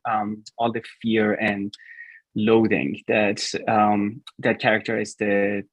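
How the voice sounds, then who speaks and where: A man who works as a community builder, speaking hesitantly as a guest at an online town hall, with many fillers. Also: fairly low pitch. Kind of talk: halting panel remarks.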